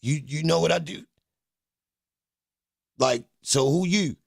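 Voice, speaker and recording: A livestream host with a gravelly voice on the high side speaks slowly, ranting bluntly and profanely at his chat in heated commentary. The sound is clean studio quality with no echo.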